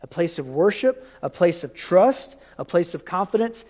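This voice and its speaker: A man's voice: sits high, very animated, moderate pace, hardly any pauses, a little mellow. A man preaching a sermon as pastor, teaching and quizzing the congregation with questions in a church sanctuary. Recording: long reverb of a church hall.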